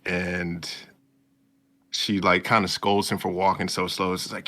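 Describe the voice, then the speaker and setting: Gravelly low-voiced man recapping casually. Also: steady tone, pushed and bright. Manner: loose storytelling with slang and quick mock voices. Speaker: podcast co-host. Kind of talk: casual anime recap chat.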